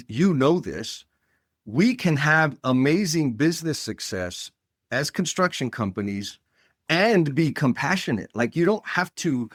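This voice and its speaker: A man's voice: medium pitch, a bit bright, no echo, clean studio sound. A man hosting a podcast interview, telling stories in a blunt, emphatic way. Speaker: podcast host. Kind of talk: casual interview chat.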